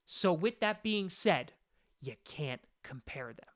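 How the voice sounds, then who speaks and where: A man's voice: on the high side, animated, slow. A man hosting a sports podcast, ranting in an exasperated, emphatic way. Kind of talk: opinionated sports rant.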